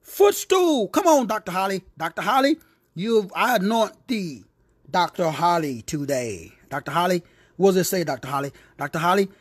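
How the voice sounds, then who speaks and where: A man's voice: high voice, moderate pace, breathy edge. A man teaching a word study in a preacher's style, repeating phrases, calling out listeners by name and slipping into playful teasing asides. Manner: animated, repetitive, calls listeners by name.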